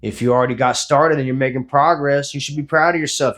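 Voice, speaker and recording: This is a man in his forties with an average-pitched voice, delivering a blunt, profane motivational talk after a workout. He speaks as a fitness vlogger who coaches his viewers without sugarcoating anything. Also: fairly even intonation, fast talker, fairly bright tone. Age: 40s.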